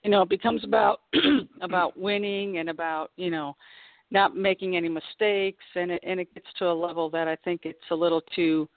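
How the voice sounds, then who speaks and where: A woman's voice: on the low side, fairly even intonation, moderate pace, no room sound. A woman in her fifties, a guest golf pro, chatting casually and laughing often during a phone-in radio interview. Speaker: guest professional golfer. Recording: tinny dry phone line.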